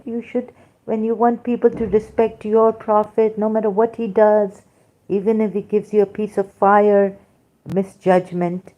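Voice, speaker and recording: The audio is dull, carrying a mid-range voice from a middle-aged woman hosting a livestream. She reads chat messages and responds casually, animated and emphatic, dropping in many fillers.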